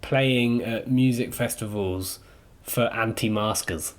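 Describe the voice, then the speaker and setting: A man's voice: lowish voice, slow. A man from the English Midlands co-hosting a podcast, chatting and giving opinions about films. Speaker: podcast co-host. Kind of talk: casual chat.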